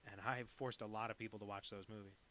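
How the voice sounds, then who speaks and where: A cartoonist streaming live while he draws chats casually, rambling, joking, and swearing plenty. His voice is fairly low, steady, bright, and forceful, and he talks fast. There's a little hiss or hum in the audio.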